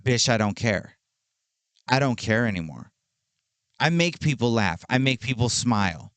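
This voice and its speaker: A man in his thirties hosting a solo podcast, talking in a slow, drawn-out and self-affirming way, full of sassy slang and swearing. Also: mid-range voice, lively intonation, fairly bright tone, clean tone, no room sound. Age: 30s. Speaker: podcast host. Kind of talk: casual solo podcast monologue.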